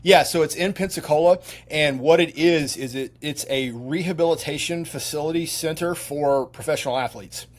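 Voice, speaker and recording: A man's voice: a little high, normal speed, hardly any pauses. A middle-aged man, a retired soldier, telling long rambling stories as a podcast guest, with many restarts and fillers. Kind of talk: casual storytelling.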